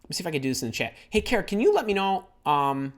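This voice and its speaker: Energetic man hosting a live stream. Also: high voice, rapid-fire, a little hiss or hum. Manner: energetic, excitable, scattered while reading chat. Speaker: host. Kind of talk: live-streamed career advice show. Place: home.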